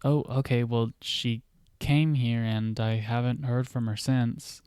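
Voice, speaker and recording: A man voicing an anxious teenage boy who asks about a missing girl in hesitant, halting questions. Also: mid-range voice, steady tone, darkish tone, smooth, dry recording, clean studio sound, natural voice. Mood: worried.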